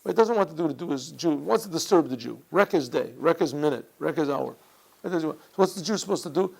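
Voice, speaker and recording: A man, a rabbi, giving a Torah class lecture, repeating phrases and often clearing his throat. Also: on the high side, lively intonation, quick pace, poor audio. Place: yeshiva classroom.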